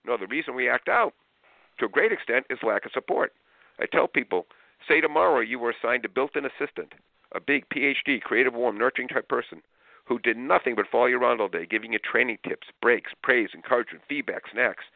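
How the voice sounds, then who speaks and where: A man guest on a radio show, speaking as a parenting trainer and telling stories in a lively way. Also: mid-range voice, fairly quick, gravelly, no room sound. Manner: animated storyteller, acts out quotes. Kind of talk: radio interview talk. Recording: tinny dry phone line.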